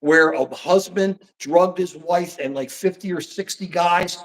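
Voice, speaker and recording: An older man hosting a political livestream rants heatedly about the news, animated and slipping into mocking put-on voices. His voice sits high and his delivery is unhurried.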